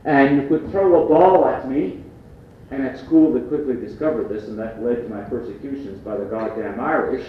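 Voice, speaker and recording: A man's voice: mid-range voice, slight background noise. Wry man telling stories at a lecture. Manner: wry, humorous storytelling with asides. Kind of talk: storytelling lecture to an audience. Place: lecture room with an audience. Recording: distant, dull, roomy archive recording.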